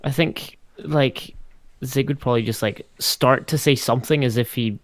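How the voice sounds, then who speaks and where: Male player, casual, tentative thinking aloud, mid pitch, dry sound. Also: moderate pace, dry recording. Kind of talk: casual chat at a tabletop game.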